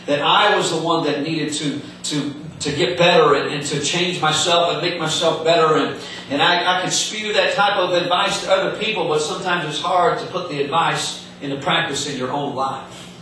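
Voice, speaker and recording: A man's voice: fairly high pitch, normal speed, sharp tone, slight background noise. A man preaching a sermon in an earnest way, often repeating words and restarting, heard in an echoey hall from some distance.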